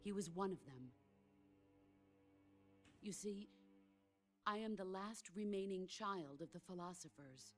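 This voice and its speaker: An actress voicing a legendary middle-aged woman soldier in a video game cutscene, speaking in a calm, measured, solemn way. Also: medium pitch, faint music behind, lightly acted. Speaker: game character.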